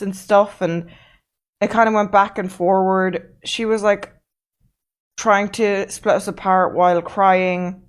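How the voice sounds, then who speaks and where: A woman's voice: medium pitch, steady tone, measured pace. Blunt, swearing woman telling a story. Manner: blunt, swears freely, emphatic. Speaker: streamer. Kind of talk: casual storytelling on a livestream.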